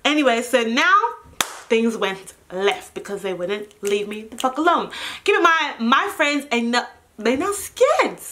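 A young woman with a high, bright voice tells a story in a casual vlog. She is animated and acts out each person's lines as she goes. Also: a little slow. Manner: animated, acts out every line of dialogue. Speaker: vlogger.

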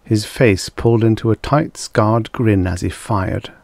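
Deep slow guy reading old sci fi, dramatic but steady, super dry sound. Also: vocal fry, no echo. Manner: measured, dramatic storytelling. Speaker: audiobook narrator. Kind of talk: scripted narration of vintage science fiction.

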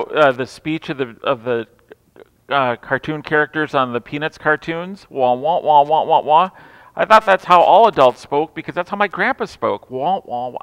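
A man preaching a Christmas Eve sermon, telling stories with humor and swinging from loud declarations to hushed asides. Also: on the high side, smooth. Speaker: pastor. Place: large church sanctuary. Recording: reverberant church hall.

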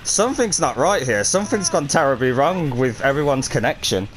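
A young man giving excitable live gameplay commentary, swearing freely and calling out to his teammates. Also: mid-range voice, a little fast, poor audio. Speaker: gaming video creator.

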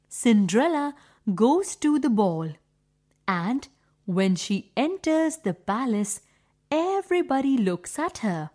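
A woman reads a children's story aloud in a clear, deliberate way, using simple phrasing. Her voice sits a little high and moves up and down in lively swings. She takes every phrase very slowly. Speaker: storyteller for young pupils. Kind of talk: slow children's story reading.

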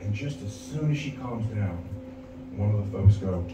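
Animated male stand-up comic, live club. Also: lowish voice, normal speed, noisy background. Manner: animated, acts out characters' voices. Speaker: stand-up comedian. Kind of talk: stand-up storytelling. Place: comedy club stage. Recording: roomy, distant live club recording. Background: audience laughter.

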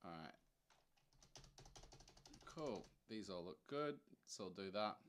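Young man, deep voice, casual live tutorial host, chatty and wry, thinking out loud. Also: lively intonation, takes it slowly, slight background noise. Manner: thinks aloud, loose and chatty, wry asides. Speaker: software demo presenter.

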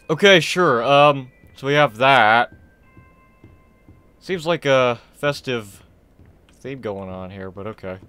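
A young man casually commenting on a horror game he is playing, rambling, excitable and self-deprecating. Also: mid-range voice, no room sound. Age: young adult. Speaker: gaming channel host. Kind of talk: casual let's-play commentary.

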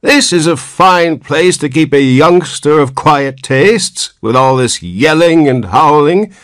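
A man voicing a cranky, ancient old man newly born as a baby, with a cracked, whining voice that turns shrill. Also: animated, slow, a bit bright, no echo, studio quality. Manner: querulous whine, rising to shrill protest.

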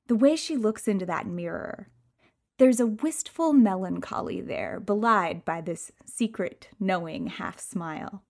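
A woman reading a first-person audiobook, expressive and moving between hushed and excited passages. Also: mid-range voice. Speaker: audiobook reader.

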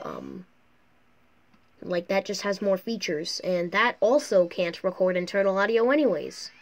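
A talkative woman giving rambling, chatty commentary while playing a mobile racing game, recorded on her phone's microphone. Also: mid-range voice. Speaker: mobile gaming YouTuber. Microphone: phone mic through a screen recorder.

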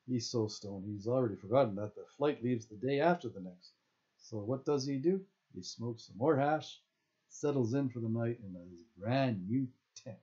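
A man's voice: mid-range voice, mellow. Man reading his own novel, self-correcting. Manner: stumbles and corrects himself mid-sentence. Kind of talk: audiobook-style reading of own fiction. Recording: dull lo-fi recording.

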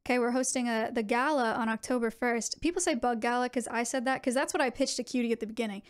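A young adult woman streaming, chatting casually with her viewers in an animated way, with quick asides. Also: on the high side, smooth.

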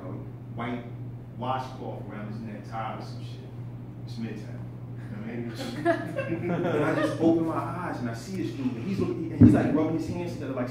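A man telling a story in a stand-up comedy set, laughing at his own tale and swearing freely. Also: mid-range voice. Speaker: stand-up comic. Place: comedy club stage. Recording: echoey room, distant mic, background noise.

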